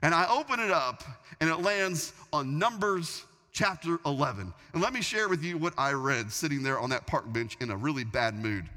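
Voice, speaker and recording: A man preaching a sermon, telling a story in an animated way, often restarting his sentences. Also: on the high side, normal speed. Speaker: pastor. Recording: long reverb of a large hall.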